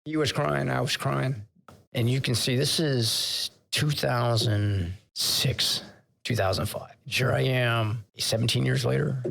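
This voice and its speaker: Speaking slowly in a medium-pitched, fairly bright voice with creak and fairly even intonation, a retired vice admiral talks as a podcast guest. The older man tells candid stories conversationally and is moved recalling his sailors.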